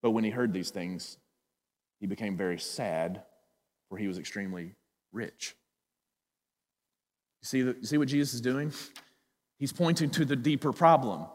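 A male pastor preaching a sermon, animated, swinging between loud emphasis and quiet low asides. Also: normal speed, pauses often. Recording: hall with long reverb.

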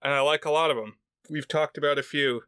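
A man co-hosting a podcast, chatting casually about films with relaxed, dry humor. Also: a little high, fast, clean tone, dry recording. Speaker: podcast co-host. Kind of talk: casual film chat.

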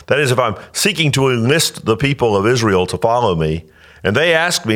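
A man's voice: medium pitch, animated, moderate pace, a bit bright. A male pastor teaching about scripture in an earnest, explanatory way, often restarting his sentences. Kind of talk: teaching Bible talk.

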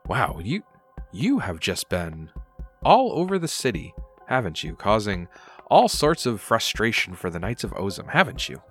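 A fussy little gnome woman, voiced by a man, pitched high and clipped. She talks with indignant bustle and snaps her lines out. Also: wildly swooping pitch, moderate pace, fairly bright tone, breathy edge, faint music behind, full character voice. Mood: teasing. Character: fussy small female gnome captain.

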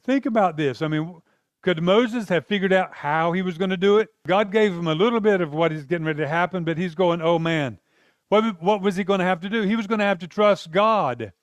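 A man preaching a sermon in an earnest, conversational way, with quick asides and short laughs. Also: high-pitched, dry recording, highs cut off.

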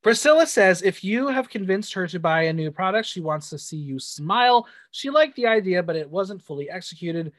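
A man's voice: high voice, animated, normal speed, few pauses, fairly bright tone, no echo. A man co-hosting a casual podcast, recapping a drag show and reading out the judges' critiques with sass. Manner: reads out judges' critiques, sassy. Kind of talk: casual chat.

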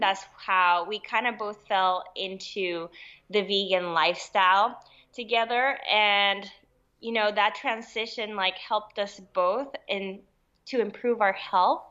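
A woman's voice: mid-range voice, bright, forceful tone, lo-fi sound. A woman from Rico, chatting casually as a podcast guest, laughing easily. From Puerto Rico. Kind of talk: casual interview chat.

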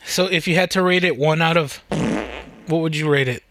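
A man co-hosting a casual podcast chat, telling stories in an animated, profane way. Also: a little high, fairly quick, dry recording. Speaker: podcast co-host.

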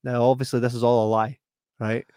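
A man's voice: medium pitch, flat delivery, a little fast, mellow, clear, resonant tone, no room sound. A man in casual chat, telling a story with lots of laughter and repeated "right?" checks.

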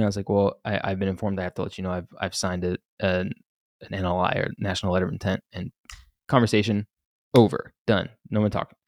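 A young man hosts a solo podcast, telling his own story candidly with lots of swearing and frequent restarts. His fairly low voice is warm, in a dry, studio-quality recording.

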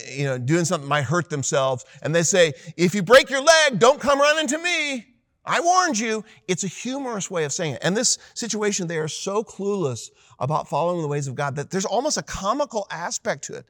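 A man preaching a sermon in an animated way, acting out quoted lines with sudden high, loud bursts. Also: brisk, few pauses, no echo, studio quality. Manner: animated, voices quoted lines with big pitch jumps. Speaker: pastor.

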